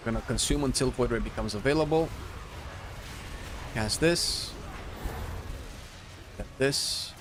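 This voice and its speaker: A young man giving live gameplay commentary, excitable, chanting and shouting at the game. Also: medium pitch, slow pace, long pauses. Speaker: game streamer. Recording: faint music behind.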